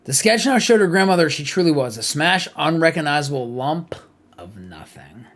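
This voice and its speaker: Animated male streamer reading game text. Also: fairly high pitch, moderate pace. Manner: animated, laughing asides, reads text aloud. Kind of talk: live game playthrough, reading aloud.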